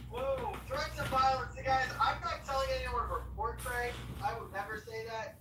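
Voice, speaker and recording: A man in casual live audio-room banter, loud, joking and taunting. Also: extremely high pitch, fairly even intonation, moderate pace. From Nebraska. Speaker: room participant. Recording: roomy, distant, faint hiss.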